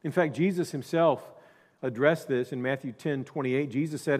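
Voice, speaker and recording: A male pastor preaching a sermon, dropping to quiet asides and then rising to loud emphasis. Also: mid-range voice, fairly quick, long reverb tail.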